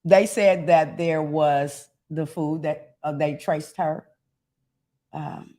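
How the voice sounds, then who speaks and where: A woman co-hosting a podcast in casual chat, animated and laughing often. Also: low-pitched, slow pace. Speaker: podcast co-host.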